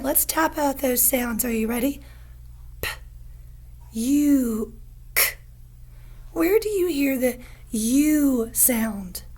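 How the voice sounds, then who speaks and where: A woman teaching a phonics lesson to young learners, patient and encouraging, stretching out each sound slowly. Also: high-pitched, warm tone, slightly rough.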